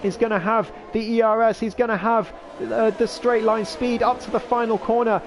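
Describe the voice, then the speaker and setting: A man calling a race live as commentator, talking in a rapid, excitable way while he is losing his voice. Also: very high-pitched, background noise. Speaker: sim racing commentator.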